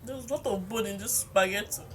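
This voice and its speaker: Woman, 20s, casual vlog vent, rambling and childlike at times, mid pitch, phone mic, faint room ambience. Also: brisk, a little hiss or hum. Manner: rambling, confessional, sometimes childlike. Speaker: vlogger. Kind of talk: casual venting monologue to camera while eating.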